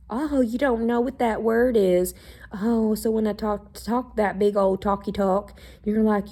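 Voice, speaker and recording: Sarcastic, profane woman with a mellow voice. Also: mid-range voice, fairly even intonation, a little slow. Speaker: podcast host. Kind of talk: casual ranting monologue.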